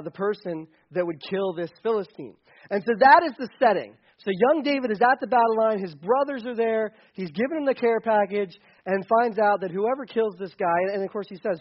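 A man preaching a casual, joking sermon to a young audience, with many restarts. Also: high voice. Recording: dull lo-fi recording.

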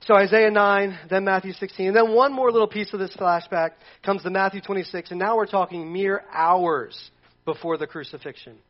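A high-voiced male pastor delivers a sermon in a loose, conversational way. He throws in jokey asides as he goes. The recording sounds dull and lo-fi. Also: fairly even intonation, moderate pace.

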